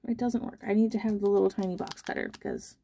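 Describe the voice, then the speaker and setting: A woman's voice: medium pitch, huge pitch swings, fast talker, creaky, warm tone, slight background noise. A young woman chatting casually and self-deprecatingly while she opens trading card packs on her channel. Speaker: card-opening vlogger.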